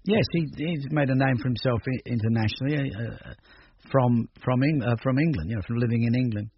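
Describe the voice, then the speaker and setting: A man's voice: mid-range voice, fairly quick. Older man, musician guest, rambling and hesitant, many restarts, dull radio sound. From Australia. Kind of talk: radio interview. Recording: dull radio recording with faint noise.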